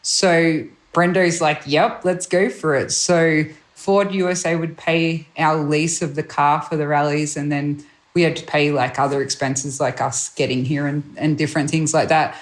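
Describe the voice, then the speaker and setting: A woman guest, a rally co-driver, telling stories in a chatty, animated way, acting out the voices of people she quotes and laughing often. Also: low-pitched, moderate pace. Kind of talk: animated anecdotal storytelling.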